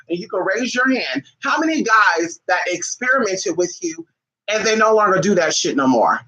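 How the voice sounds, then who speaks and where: High, bright-voiced blunt man livestreaming. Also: moderate pace, poor audio. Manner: blunt, profane and animated, acting out callers' questions. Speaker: spiritual advisor greeting livestream viewers. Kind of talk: casual livestream monologue.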